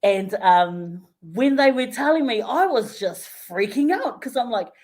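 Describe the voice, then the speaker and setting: A woman with a New Zealand English accent chats as a radio guest, her voice sitting a little high. She tells her story with energy, slipping into the voices of the people she quotes and laughing often. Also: animated, measured pace, a little mellow. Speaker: interview guest, community health worker. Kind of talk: casual radio interview storytelling.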